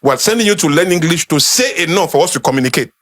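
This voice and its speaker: Nigerian man, Yoruba accent, slightly raised pitch, emphatic and conversational delivery to a room. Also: animated, rapid-fire, fairly bright tone. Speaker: speaker. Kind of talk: informal talk to a small group.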